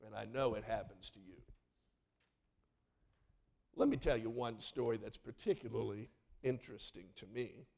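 A middle-aged male pastor telling stories in a sermon, lively and acting out the people in them. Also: fairly low pitch, normal speed, creaky, long pauses. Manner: animated, acts out voices in his stories. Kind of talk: storytelling sermon.

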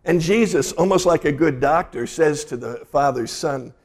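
A man, a pastor, delivering a sermon and retelling scripture in a lively storytelling way. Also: a little high, moderate pace.

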